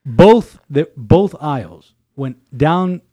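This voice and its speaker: A male priest co-hosting a podcast, telling stories in an animated, casual way with many restarts. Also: fairly high pitch, slow. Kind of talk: casual chat.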